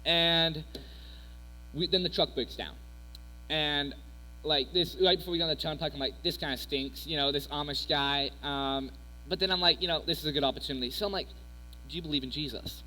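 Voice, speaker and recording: A man's voice: a little high, steady tone, fairly quick, bright, forceful tone. A young man giving a casual, rambling youth sermon full of personal stories and fillers. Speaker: youth speaker. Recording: echoey hall with mains hum.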